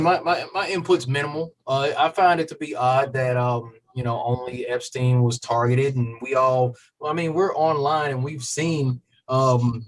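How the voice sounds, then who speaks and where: A man's voice: medium pitch, low-quality recording. A man joining a podcast as co-guest, laid-back and hesitant, speaking with many fillers. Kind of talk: casual podcast chat.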